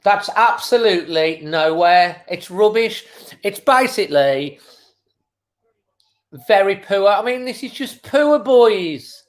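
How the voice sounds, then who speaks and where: A man's voice: high voice, lively intonation, slow pace. A man hosting a live football watchalong, giving frustrated running commentary with exasperated outbursts. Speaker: football fan channel host. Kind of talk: live match watchalong reaction.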